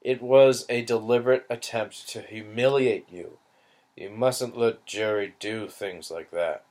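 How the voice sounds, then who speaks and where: A man's voice: lowish voice, fairly even intonation, measured pace, darkish tone, natural voice. A man reading aloud and voicing an earnest, fatherly British soldier with an English accent. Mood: indignant.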